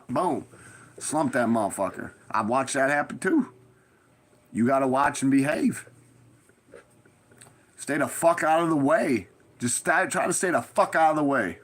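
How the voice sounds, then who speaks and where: Man, rambling monologue, street slang, heavy swearing, blunt stern warnings, mid pitch. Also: fairly bright tone. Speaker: vlogger giving street advice.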